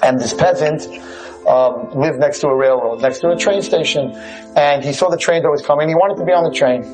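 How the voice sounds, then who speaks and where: A man telling a parable in a sermon, animated and conversational. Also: on the high side, brisk, music in the background, low-quality recording. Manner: animated, conversational, asks "right?". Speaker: religious teacher. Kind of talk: sermon storytelling.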